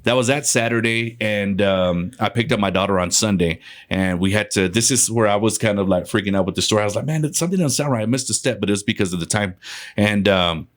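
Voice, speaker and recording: A man's voice: fairly low pitch, fairly even intonation, brisk. A man from West Texas, a podcast guest, telling a ghost story in a loose, conversational way, swearing and laughing between lines.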